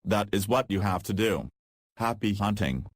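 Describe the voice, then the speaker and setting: A man reading as a gruff army general. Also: on the low side, expressive, moderate pace, no room sound. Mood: briefing. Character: gruff male army general briefing troops.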